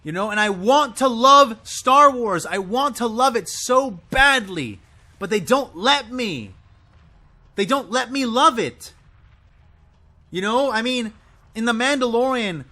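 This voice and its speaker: A man's voice: expressive, a little slow, pushed and bright. A man giving an impassioned, exasperated solo rant to camera, swearing and sputtering as he goes. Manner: exasperated, swearing, high and swooping. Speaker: video creator ranting about a show.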